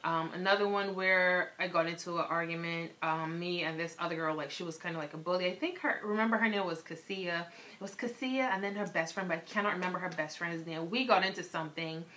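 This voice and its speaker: A young woman from Barbados talks casually to her camera, her Barbadian accent slipping now and then toward American. Her voice sits a little low but sounds bright and clear. She speaks frankly, leaning on plenty of "um" and "like" as she goes. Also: fairly even intonation, brisk, a little hiss or hum. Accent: Barbadian, shifting toward American. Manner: frank and candid, with lots of fillers like "um" and "like". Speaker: vlogger.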